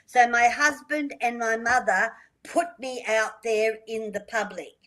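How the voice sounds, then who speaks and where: An older woman, a radio guest telling her life story in a lively way and acting out the dialogue. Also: fairly high pitch, measured pace, rough recording. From Australia. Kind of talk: storytelling interview.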